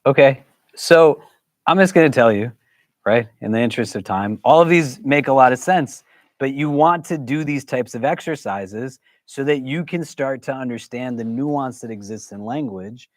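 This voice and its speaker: A man's voice: medium pitch, moderate pace, dry recording. A man teaching a religious class, talking conversationally and often putting questions to the audience. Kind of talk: interactive religious lesson.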